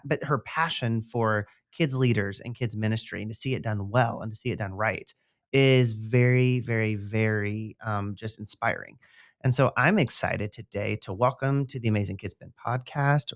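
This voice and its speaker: A man's voice: mid-range voice, no room sound, studio quality. A man hosting a podcast, enthusiastic and rambling in a casual interview. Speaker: podcast host.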